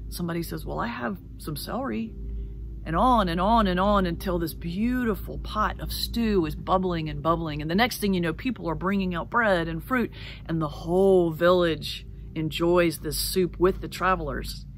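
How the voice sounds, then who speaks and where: A middle-aged woman pastor giving a sermon, telling a folk tale in an animated way and slowing down to stress key words. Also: lowish voice, a little hiss or hum. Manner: animated storyteller, slows for emphasis. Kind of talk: sermon with storytelling. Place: church sanctuary.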